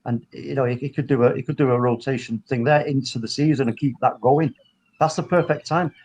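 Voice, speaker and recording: A man hosting a casual football chat over a video call, talking in animated, rambling bursts full of restarts. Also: mid-range voice, a little fast, rough recording. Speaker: football podcast host.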